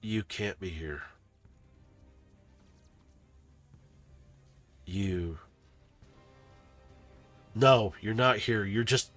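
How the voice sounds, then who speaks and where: A man voicing a male robot soldier who shouts defiance while firing, then falters. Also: fairly low pitch, steady tone, a little slow, faint music behind. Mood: shaken.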